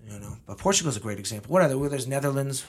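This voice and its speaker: Podcast host, male, husky voice, quick and loose, profane casual talk. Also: mid-range voice, lively intonation. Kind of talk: casual chat. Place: based in the US.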